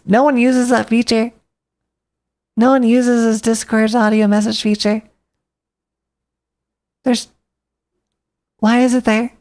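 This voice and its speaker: Rambling woman streamer with vocal fry. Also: a little high, darkish tone. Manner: rambling, thinking aloud, talking to herself. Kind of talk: casual rambling chat.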